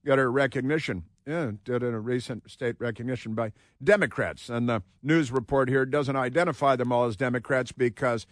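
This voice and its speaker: A man's voice: medium pitch, no room sound, clean studio sound. Sarcastic male talk radio host. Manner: sarcastic, drawn-out emphatic phrasing. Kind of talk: opinionated talk radio monologue.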